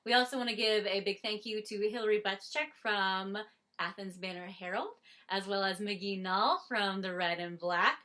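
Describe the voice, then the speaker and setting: A woman with a Southern US accent co-hosts a casual theater webcast, chatty and upbeat. Her voice is bright and clear, sitting in a middle pitch range. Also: normal speed. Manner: chatty, upbeat, with thank-yous and laughs. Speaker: theater company co-host.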